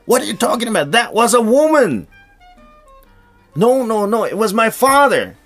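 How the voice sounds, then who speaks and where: A man doing a shrill jealous wife. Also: sing-song, a bit bright, faint music behind, heavily acted. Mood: furious. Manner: shrill, indignant, slow emphatic.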